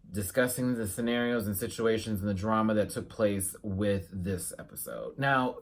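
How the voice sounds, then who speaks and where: A man giving a casual reaction review to his viewers, animated and sassy, with playful asides. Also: medium pitch. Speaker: YouTube reviewer.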